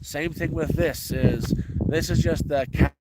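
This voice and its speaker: A man's voice: a little high, fairly even intonation, measured pace, very noisy. Rambling, stammering man vlogging casually. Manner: rambling with frequent restarts and stammered repeats. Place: rural off-grid homestead, cold.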